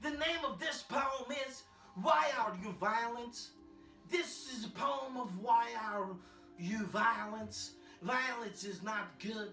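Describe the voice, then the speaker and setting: A man playing an eccentric immigrant male poet who speaks broken English and declaims loudly. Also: extremely high pitch, echoey room, far from the mic, exaggerated voice. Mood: boastful. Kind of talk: comedy character monologue.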